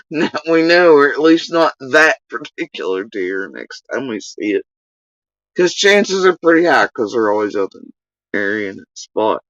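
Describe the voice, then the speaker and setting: A woman's voice: rumbling low, no echo, dull audio. A woman telling a casual story on a livestream, rambling, laughing and swearing freely.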